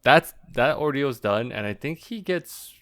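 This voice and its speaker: Relaxed young man co-host, mid pitch. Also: a little slow. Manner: relaxed, filler-heavy, quotes his own reactions. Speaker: podcast co-host. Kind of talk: casual chat.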